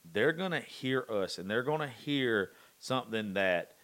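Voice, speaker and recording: A man's voice: mid-range voice, expressive, unhurried, fairly bright tone. Profane Southern man in blunt political talk. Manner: profane, emphatic, repeats himself. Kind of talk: casual chat.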